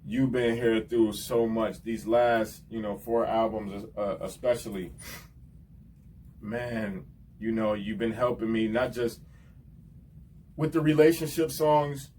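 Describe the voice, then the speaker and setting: Emotional rapper giving rambling shout-outs. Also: male voice, on the low side, fairly even intonation, takes it slowly, recorded from a distance, a little hiss or hum. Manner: rambling, emotional, repeats "you know what I'm saying". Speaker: rapper hosting his channel's show. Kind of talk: heartfelt casual shout-outs to camera.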